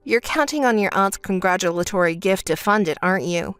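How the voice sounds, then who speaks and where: A woman voicing a calm, blunt young woman who answers her sister in a dry, dismissive way, in a narrated texting story. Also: medium pitch, a little fast, smooth, no echo, faint music behind, pitched below the performer's own voice, lightly acted.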